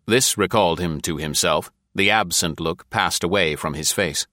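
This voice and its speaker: Low-voiced man narrating a story. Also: no echo, clean studio sound. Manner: even, deliberate storytelling. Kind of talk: scripted audiobook narration.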